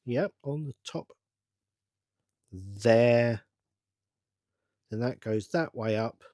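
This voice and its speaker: A middle-aged man, rambling to himself in a casual build-along chat with bursts of excitement. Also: mid-range voice, extremely slow, no echo. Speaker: channel host.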